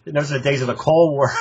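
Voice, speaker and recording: Here the longtime running club member's voice comes across fairly high, with dull-sounding audio. He's an older man in a relaxed interview, laughing frequently while rambling through profane tales of his club days.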